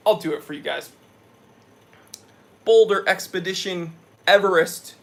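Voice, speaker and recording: Energetic young man hosting a live stream. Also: sits high, measured pace, gravelly. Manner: energetic, reads chat messages aloud. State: sweaty after a hike. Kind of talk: casual live stream chat.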